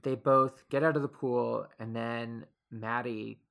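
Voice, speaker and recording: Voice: mid-range voice, fairly even intonation, takes it slowly, gravelly, fairly bright tone. A podcast co-host retelling a movie's plot in a laid-back, casual way. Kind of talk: casual movie recap chat.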